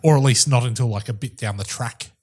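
Husky Australian man, sweary joker. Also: medium pitch, fast, a little mellow. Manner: sweary, joking asides. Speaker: podcast co-host. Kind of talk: casual conspiracy chat.

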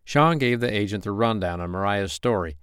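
A man narrating a romance novel as an audiobook in a steady, even reading voice, close to the mic. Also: lowish voice, brisk, clean tone, no room sound. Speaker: audiobook reader.

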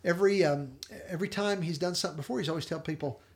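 A man co-hosting a podcast, casually retelling a TV episode in earnest storyteller fashion and quoting its dialogue softly. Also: on the high side, rapid-fire. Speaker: podcast co-host.

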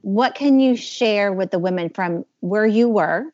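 A woman's voice: medium pitch, measured pace, a little mellow, no echo. A woman hosting a podcast, asking questions in a thoughtful, meandering way with fillers. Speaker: podcast host. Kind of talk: interview questions, casual. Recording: dull, slightly muffled podcast audio.

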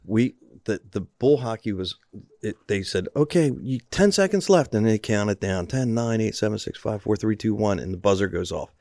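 A man who owns a rodeo arena, telling a lively story in casual podcast chat and acting out what people said. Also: lowish voice, normal speed, no room sound, clean studio sound. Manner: animated storyteller acting out quotes.

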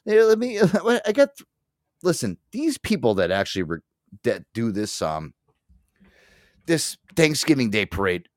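A man's voice: mid-range voice, huge pitch swings, measured pace, pauses often, no room sound, clean studio sound. A young man hosting a casual podcast chat, rambling, laughing and swearing often. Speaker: podcast host.

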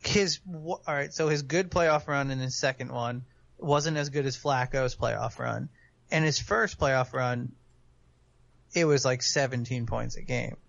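A man talking sports in a loose, heated rant, swearing freely and laughing between points. His voice sits at an average pitch. It is recorded dry and a little dull. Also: measured pace, vocal fry, dry recording. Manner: animated, profane, ranting. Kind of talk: casual sports chat.

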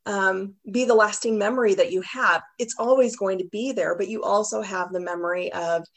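A woman hosts a podcast interview with a gravelly, creaky edge to her voice. She speaks with open emotion, close to tears, praising her guest. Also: medium pitch, fairly even intonation, moderate pace. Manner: emotional, warm-hearted praise, near tears. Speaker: host.

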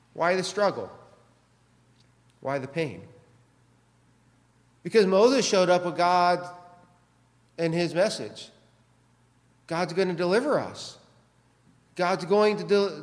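A man's voice: high voice, long reverb tail. A man preaching a sermon as pastor, pressing his listeners with many rhetorical questions.

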